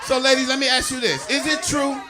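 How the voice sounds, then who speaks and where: A man doing a stand-up comedy set, loud and crude, teasing the audience on a club stage. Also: very high voice, steady tone, a little fast, a crowd in the background.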